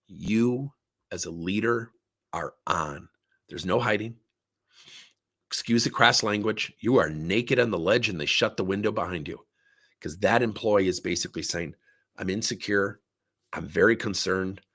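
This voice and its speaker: A man's voice: sits low, unhurried, pauses often. A middle-aged man, a workplace coaching consultant, talking to camera and telling stories that act out the voices of the people in them. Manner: animated storytelling, acts out quoted voices. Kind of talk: talk to camera.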